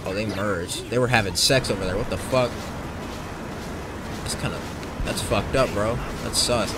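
A young man commentating his racing game run in casual talk, profane and excitable, jumping from yells to low mutters. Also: normal speed. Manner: profane, excitable, swings between shouting and muttering. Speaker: gameplay commentator. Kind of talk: casual let's play commentary.

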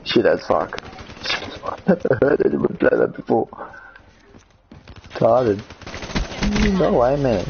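A young man, commentating his gameplay and swearing, excitable and repeating himself. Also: mid-range voice, takes it slowly, creaky, long pauses, lo-fi sound, noisy background. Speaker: gamer.

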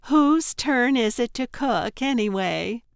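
A woman's voice: on the high side, animated, slow, gravelly, smooth, no room sound, clean studio sound, pitched above the performer's own voice, full character voice. A woman narrator voicing a cackling, overly sweet woman who runs a remote compound, falsely cheerful and bossy. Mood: sugary, bossy. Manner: falsely cheerful, bossy, calls others dear.

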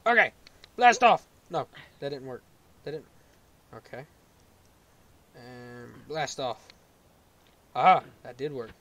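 A man playing a game on a video, commenting as he goes and yelling in frustration when he falls. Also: medium pitch, takes it slowly, long pauses, dull audio. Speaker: gaming YouTuber.

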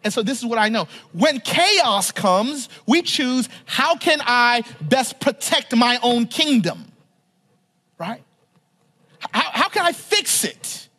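A male pastor delivering a sermon, often pausing to ask the congregation to finish a phrase, repeating and restarting words, and swinging from emphatic to hushed. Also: very high-pitched, sing-song. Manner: asks the congregation to fill in words, frequent "right?"; stumbles and repeats words while talking freely.

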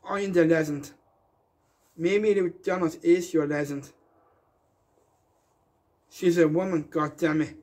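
A man's voice: a little high, steady tone, slow, pauses often, a little mellow. A man delivering a rambling, defiant rant in a slightly raised voice. He hammers his points and circles back to them with insistent emphasis.

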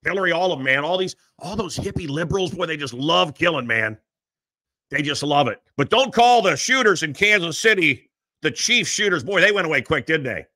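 A man hosting a live talk show from a small studio, ranting in an animated, mocking way. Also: on the high side, brisk. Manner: animated, mocking, mimics voices. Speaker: radio host. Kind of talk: ranting monologue.

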